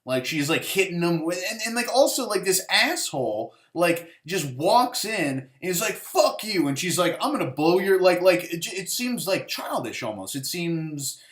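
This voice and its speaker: A man reviews a movie in a loose, profane ramble, packing his sentences with "like" and sarcastic asides. His voice sits a bit higher than most men's, and the room around him gives it a noticeable echo. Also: big pitch swings, moderate pace, hardly any pauses, fairly bright tone. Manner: rambling and sarcastic, heavy on "like" and swearing. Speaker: host of a movie review show. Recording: roomy echo.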